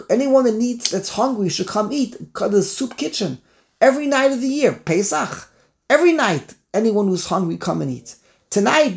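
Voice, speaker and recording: A man giving an animated Torah class, repeating phrases and mixing in Hebrew and Yiddish words. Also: high voice. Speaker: rabbi teaching. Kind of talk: Torah class on the Passover Haggadah.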